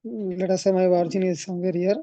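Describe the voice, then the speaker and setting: A woman's voice: lowish voice, steady tone, fast, warm tone, dry recording, muffled recording. Woman teaching maths at a board. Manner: explains step by step, thinks aloud with fillers and self-corrections. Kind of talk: classroom lecture at a board.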